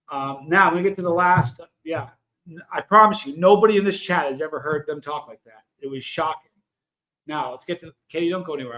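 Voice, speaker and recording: High, bright-voiced man hosting a livestream. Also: moderate pace, poor audio. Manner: emphatic storytelling, addressing viewers in chat. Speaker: livestream host. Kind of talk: casual livestream chat.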